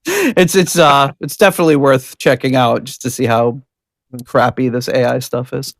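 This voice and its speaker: A man hosting a podcast in casual chat, with a gravelly edge to his mid-pitched voice. He rambles, laughs and restarts his sentences. The sound is dry and close, with faint music underneath. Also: expressive, normal speed, no echo. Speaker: podcast host.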